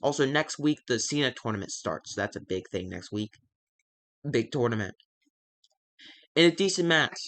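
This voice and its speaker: A man casually narrating his wrestling sim save, halting and full of fillers. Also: medium pitch, animated, fairly bright tone, no room sound. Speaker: gaming video creator.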